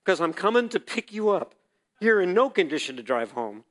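A man preaching to a congregation at a church service, telling his story by acting out the dialogue. His voice sits a little high and sounds bright and forceful. He drops into quiet reflection, then breaks into loud, emphatic bursts. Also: very animated, moderate pace. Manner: storytelling that acts out quoted dialogue. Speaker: church speaker sharing a testimony. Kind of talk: sermon testimony to a congregation.

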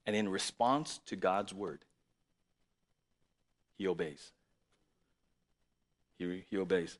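A man preaching a sermon to his church, lively and conversational, reading scripture aloud and then explaining it. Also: lowish voice, slow pace, long pauses. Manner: lively, conversational preaching with sudden loud emphasis. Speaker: pastor.

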